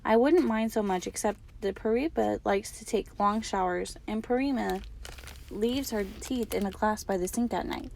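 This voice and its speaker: A woman teacher reading the first chapter of a children's novel aloud, in a calm, measured way. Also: medium pitch, vocal fry, a little hiss or hum.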